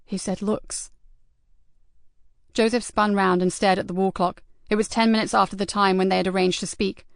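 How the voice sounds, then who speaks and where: A woman narrating an audiobook in an even, measured storytelling manner. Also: mid-range voice, gravelly, clean tone, no room sound, studio quality. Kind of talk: scripted narration.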